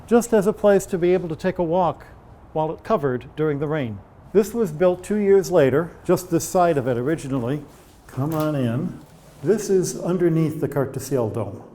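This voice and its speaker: A man's voice: on the high side, dark tone, big-room sound. A man guiding a tour of old observatory telescopes, explaining with chatty anecdotes. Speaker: observatory guide. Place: inside old observatory domes.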